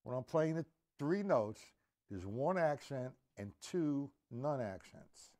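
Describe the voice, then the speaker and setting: A man's voice: medium pitch, lively intonation, takes it slowly. A man teaching a live-streamed drum lesson, counting beats aloud and checking in with his viewers. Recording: drum kit playing behind voice. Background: loud drum kit.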